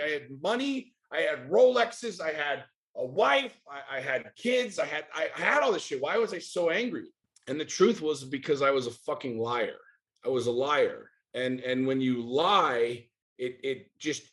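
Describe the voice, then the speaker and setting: This candid podcast interview features a middle-aged American guest whose voice sits a little high with a fairly bright tone. He speaks intensely and frankly, swears a lot, and keeps firing rhetorical questions.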